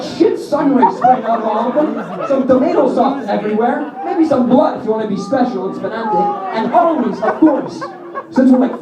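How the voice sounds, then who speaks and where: A young man doing a stand-up set, telling crude rambling stories, recorded from far off in a small venue. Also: very high voice. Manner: crude, rambling storytelling with audience laughs. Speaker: stand-up comic. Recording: distant roomy lo-fi club recording. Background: audience laughter.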